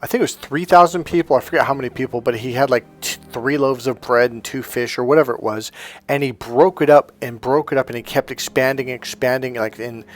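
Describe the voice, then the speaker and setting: A man's voice: medium pitch, a little fast. A middle-aged man, a life coach, delivering an emphatic, preachy motivational monologue full of storytelling.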